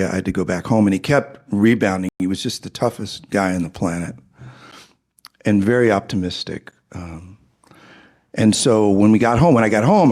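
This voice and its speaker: Middle-aged man, husky low voice, earnest personal testimony. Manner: earnest, drops into hushed tones for emotional moments. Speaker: speaker giving a personal testimony. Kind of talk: personal storytelling.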